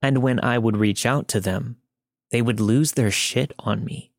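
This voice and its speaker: A man narrating a listener's true story in a steady, scripted podcast reading. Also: mid-range voice, a little slow, no echo, clean studio sound.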